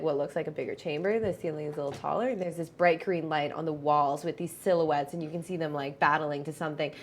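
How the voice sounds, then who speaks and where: A woman with a slightly low voice runs a tabletop game, describing scenes in a loose, casual way. Her narration is dotted with "like" and "um" as she sets each scene. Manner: casual, filler-heavy narration with many "like"s. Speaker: game master.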